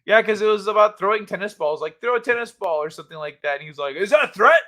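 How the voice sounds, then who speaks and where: A late-night livestream host fires off words rapidly in a high voice, chatting casually with viewers in the live chat. He laughs often, curses, and acts out the people in his stories with animated voices.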